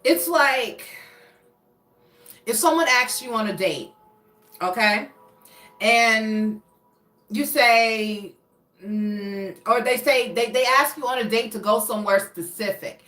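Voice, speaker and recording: Tarot reader, female, higher voice, rambling searching delivery, roomy echo, off-mic. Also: slow, pauses often, bright, forceful tone. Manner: rambling, searching for words, frequent restarts. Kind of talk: casual tarot reading monologue. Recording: echoey room, voice a bit far from mic.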